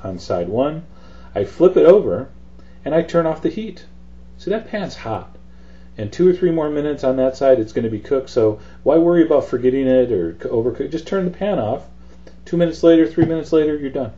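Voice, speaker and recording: A man's voice: medium pitch, normal speed, muffled recording. A man hosting a cooking demonstration, talking through each step in a chatty, easygoing way. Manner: chatty, relaxed instruction with fillers. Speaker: cooking show host.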